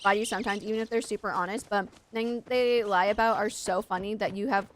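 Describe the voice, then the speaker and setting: A woman's voice: mid-range voice, steady tone, quick pace, slight background noise. A young adult woman streaming a game, chatting casually and rambling straight to her viewers. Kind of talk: casual live-stream chat.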